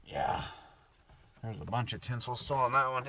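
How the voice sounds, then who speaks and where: A man's voice: medium pitch, moderate pace, bright, forceful tone, recorded from a distance, slight background noise. A man casually chatting in a camping vlog from his truck camper at night, rambling and laid-back, now and then talking baby-talk to his dog. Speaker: camping vlogger.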